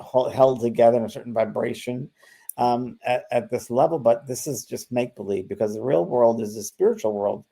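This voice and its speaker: A man's voice: medium pitch, vocal fry, warm tone. An older man in casual spiritual conversation, telling a story full of fillers and restarts. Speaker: spiritual medium, co-host.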